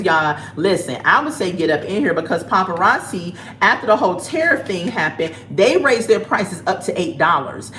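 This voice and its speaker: A woman chatting casually on a livestream as she sells jewelry, telling her stories in an animated way. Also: mid-range voice. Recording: roomy echo, faint background noise.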